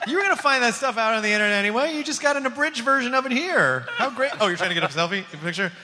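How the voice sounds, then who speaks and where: A man's voice: very high voice, expressive, rapid-fire. A man hosting a live podcast on stage, joking and teasing between questions. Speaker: host. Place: large theater, live audience. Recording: theater reverb, loud crowd and noise.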